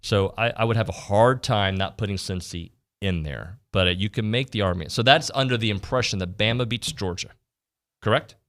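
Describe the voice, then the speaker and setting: A man's voice: lowish voice, a little fast, fairly bright tone. A man hosting a sports radio show, chatting casually about college football and often restarting his sentences. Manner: conversational, trails off and restarts.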